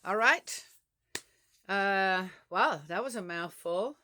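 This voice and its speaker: An older woman speaks slowly to her viewers in a bright, clear voice. Her pitch sits low, yet it rises and falls a great deal. She talks frankly and chattily, with soft laughs. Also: expressive. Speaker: vlogger. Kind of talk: casual talk to camera.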